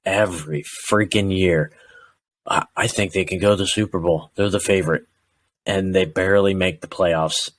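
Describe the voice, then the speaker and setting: A man's voice: deep voice, normal speed. A man co-hosting a sports podcast, chatting casually and animatedly about football, often acting out fans' rants. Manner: animated, acts out fans' rants in quoted voices. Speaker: podcast co-host.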